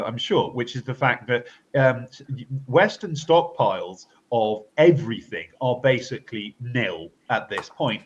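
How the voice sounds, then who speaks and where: A man gives political commentary on a podcast. He talks in a halting, unscripted way, with plenty of fillers and restarts. His voice sits at a middling pitch, and the recording sounds a little dull and lo-fi. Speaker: co-host. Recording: slightly dull lo-fi audio.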